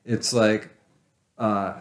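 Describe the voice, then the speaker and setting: A man's voice: fairly low pitch, flat delivery, drawn-out words. A man, a writer talking as a podcast guest, rambling and swearing in a self-deprecating way. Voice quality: nerdy voice. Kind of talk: casual chat.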